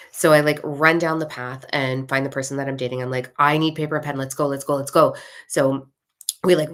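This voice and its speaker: A woman telling a personal spiritual story in a casual monologue, animated and acting out the voices of the people she quotes. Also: extremely low pitch. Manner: animated, acts out quoted voices, swears freely. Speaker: spiritual author and coach.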